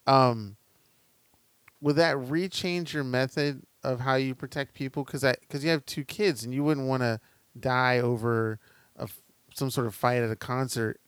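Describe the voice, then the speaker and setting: A man hosting a casual interview, asking probing questions and giving steady agreement. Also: medium pitch, moderate pace, clear, resonant tone, no room sound. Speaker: podcast host.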